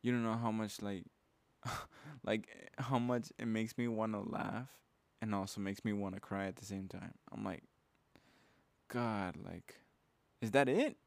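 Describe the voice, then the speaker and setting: Young male podcast host, low-pitched, casual and intense pep-talk delivery, dry close mic. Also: fairly even intonation, measured pace, gravelly, no room sound. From Mexican heritage. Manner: casual, fired-up, uses "bro" and "man". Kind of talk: motivational podcast monologue.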